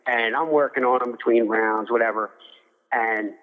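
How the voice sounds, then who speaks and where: A man's voice: mid-range voice, fairly even intonation, moderate pace. A middle-aged man from Philadelphia, a boxing cutman, telling stories in a rambling interview and acting out quotes. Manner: rambling, many restarts, acts out quotes. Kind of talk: casual interview storytelling. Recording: phone-like line with long reverb.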